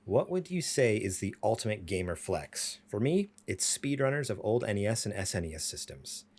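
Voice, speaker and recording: A man's voice: lowish voice, sing-song, moderate pace, darkish tone. Rambling storytelling man, laughs a lot. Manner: rambling storyteller, acts out voices. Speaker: podcast co-host. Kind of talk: casual chat.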